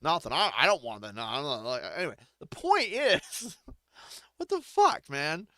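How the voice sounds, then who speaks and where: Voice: medium pitch, very animated, moderate pace, fairly bright tone, dry recording. A streamer giving crude, joking gameplay commentary, often laughing between remarks.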